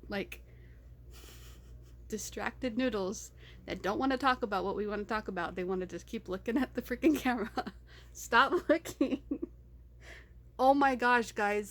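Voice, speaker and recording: A woman records an unedited personal video diary, talking straight to the camera. Her voice sits a little high for a woman. She wanders off topic, stops herself mid-thought and laughs easily as she goes. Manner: distracted, rambling, laughs often. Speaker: vlogger.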